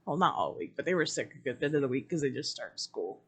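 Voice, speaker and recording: A woman's voice: a bass voice, big pitch swings, quick pace, breathy edge. A woman in her thirties giving let's play commentary, cooing, joking and getting exasperated. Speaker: gaming streamer.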